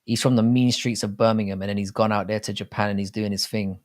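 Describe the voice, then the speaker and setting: Quick-paced and fairly low-pitched with a fairly even intonation, this young English livestream host chats aimlessly, swears frequently and reads out comments from viewers. He has an English accent.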